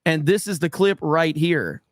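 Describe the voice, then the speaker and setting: A man streaming live and reading out chat messages, talking in a blunt, profane and excitable way. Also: a little high, a little slow, no room sound, studio quality. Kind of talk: casual livestream commentary.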